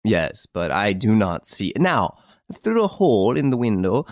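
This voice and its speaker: A man reading an audiobook, voicing a calm, clever chevalier who explains a theft in a smiling, deliberate way. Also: on the low side, no echo, clean studio sound.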